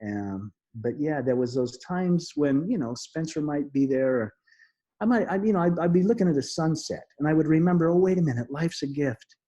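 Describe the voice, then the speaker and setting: A middle-aged man speaks as an interview guest, telling a deeply personal story in an earnest, halting way. His voice is husky and mellow, a little high for a man, and he often restarts his sentences and laughs softly. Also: lively intonation.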